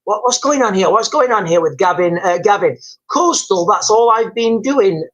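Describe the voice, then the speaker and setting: A British man with a high, animated voice hosts a live stream, talking at length about world events at a normal speed. His tone is a bit bright with the highs cut off, and he rambles, repeating and restarting words while calling his viewers "guys" and reading their comments aloud.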